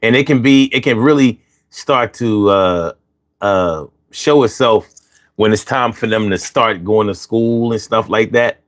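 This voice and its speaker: A man hosting a casual chat, relaxed and hesitant, reading listener comments. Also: lowish voice, a little slow, dry recording, studio quality. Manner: relaxed, hesitant, many fillers. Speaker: podcast host.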